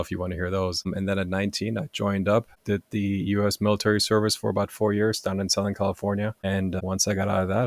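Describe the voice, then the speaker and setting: A German-born man in his forties, a podcast guest telling casual stories with animated energy and laughing at his own anecdotes. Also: deep voice, no room sound. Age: 40s. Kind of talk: casual storytelling.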